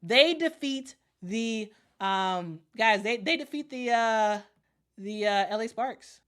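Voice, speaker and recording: A woman's voice: on the high side, lively intonation, takes it slowly, a bit bright, smooth. A woman, chatting through a live basketball commentary stream, reading viewer comments and repeating herself as she talks. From Chicago. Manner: repeats herself, reads chat aloud, laughs often.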